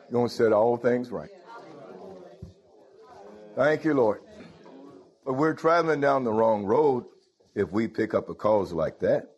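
A man's voice: medium pitch, a little mellow, muffled recording. A man preaching a sermon, breaking in with "Hallelujah" and "Thank you, Lord" and putting questions straight to his congregation. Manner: calls out to the congregation directly.

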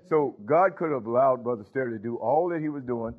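A man's voice: medium pitch, fairly quick. A man preaching a sermon, emphatic, with call-and-response interjections. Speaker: pastor. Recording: tinny phone-like sound.

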